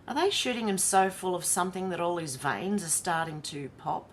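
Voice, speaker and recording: An Australian woman hosting a casual livestream, chatting and reacting out loud. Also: lowish voice, expressive, moderate pace, a little hiss or hum. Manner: chatty, reads comments aloud and reacts with laughs. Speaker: livestream host.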